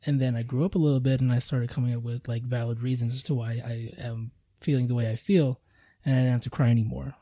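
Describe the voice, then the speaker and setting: A man's voice: medium pitch, flat delivery, fast, warm tone, no echo, studio quality. A man co-hosting a podcast, chatting casually and telling stories with a laid-back, swear-heavy manner. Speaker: podcast co-host. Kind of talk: casual chat.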